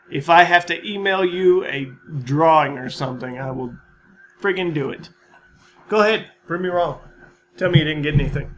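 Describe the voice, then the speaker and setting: A man's voice: on the high side, pushed and bright, slight background noise. A man hosting a gaming channel, chatting casually through a let's-play and a channel update, rambling, self-mocking and swearing freely.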